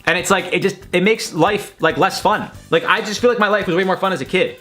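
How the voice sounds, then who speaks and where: A man's voice: high voice, quick pace, faint music behind. A young man hosting a tweet-reaction video in his room, rambling and swearing in a loose, joking way. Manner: animated, rambling, swearing, laughing at own jokes. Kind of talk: casual reaction commentary. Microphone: desk mic at his computer.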